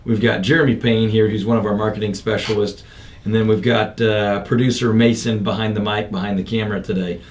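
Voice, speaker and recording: A man's voice: lowish voice, flat delivery, brisk. A man hosting a casual podcast from an office studio, upbeat and talkative with loose fillers and restarts. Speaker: podcast host and real estate coach.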